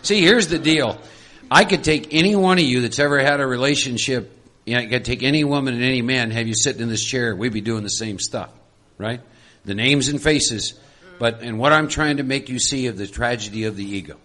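A man with a bright, forceful voice leads a group workshop. He coaxes and prods participants in an animated way and laughs often. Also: medium pitch, brisk. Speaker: workshop leader. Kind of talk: lively group workshop talk.

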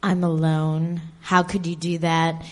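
A woman's voice: low voice, flat delivery, slow, a little mellow. A woman in a workshop role-play voicing a self-pitying, wounded woman who speaks plaintively. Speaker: workshop participant.

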